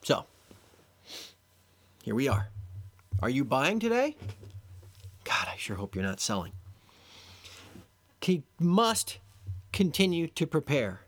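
A man's voice: medium pitch, huge pitch swings, slow, pauses often, fairly bright tone. A man hosting a solo podcast, delivering an exasperated, sarcastic lecture to his listeners. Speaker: podcast host. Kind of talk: solo commentary monologue.

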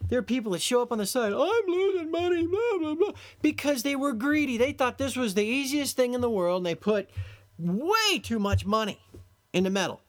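A man talks alone into the mic as a podcast host, scolding his listeners with sarcastic exasperation. His pitch swoops up and down in animated arcs as he lectures. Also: a little fast. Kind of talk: solo commentary monologue.

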